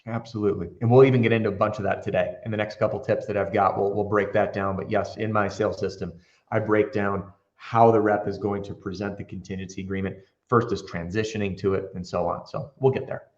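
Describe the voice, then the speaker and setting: A man's voice: on the low side, little pitch movement, fast talker, roomy sound, lo-fi sound. A man who trains roofing salespeople tells candid stories with energy in a casual interview, acting out the dialogue he quotes.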